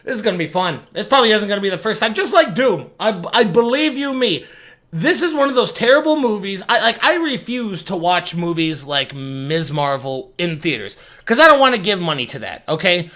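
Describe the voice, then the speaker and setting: Sarcastic high-voiced man ranting. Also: animated, moderate pace, bright, forceful tone. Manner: sarcastic, rambling, profane. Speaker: YouTube commentator. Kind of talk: casual reaction commentary.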